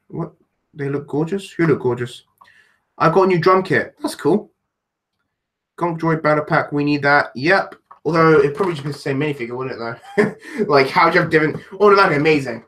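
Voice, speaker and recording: A man with a London accent talks loosely on a live stream, answering chat as he goes. His voice sits a little high, and his talk wanders with false starts and self-deprecating remarks. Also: a bit bright. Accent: London English. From London, England. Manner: rambling, self-deprecating, many restarts.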